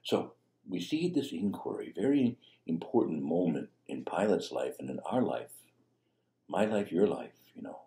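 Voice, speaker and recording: Man, priest, conversational sermon, mellow low voice, roomy echo. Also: big pitch swings, normal speed. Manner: conversational, with fillers and restarts. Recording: echoey room.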